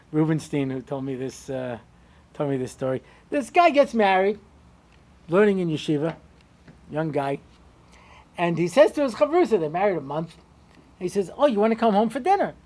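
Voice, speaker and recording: A man who is a rabbi, giving a humorous lecture and telling stories with acted-out dialogue. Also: sits high. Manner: animated joking storyteller who acts out dialogue.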